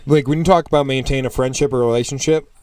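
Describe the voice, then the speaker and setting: A man co-hosting a casual podcast, telling lively stories in a loose way, swearing freely and acting out the people he meets. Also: medium pitch, quick pace, clean tone. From United States. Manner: animated storyteller, swears freely, acts out customers. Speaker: podcast co-host. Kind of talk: casual chat.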